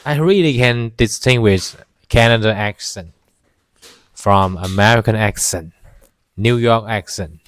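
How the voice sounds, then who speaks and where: A man from China, whose first language is Chinese, talking casually to the camera by a campfire outdoors in halting English, often pausing to search for words. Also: on the low side. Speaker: vlogger.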